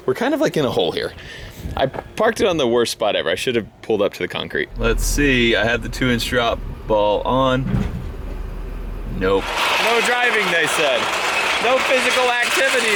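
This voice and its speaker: A man vlogging in a casual, joking and self-mocking way while working on his trucks outdoors. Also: medium pitch. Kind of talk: casual vlog talk. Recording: outdoor camera audio with noise.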